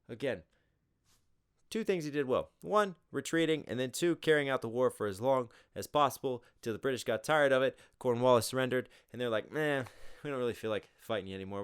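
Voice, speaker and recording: A man from the United States, a rapper giving casual, animated reaction commentary and swearing freely. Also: mid-range voice.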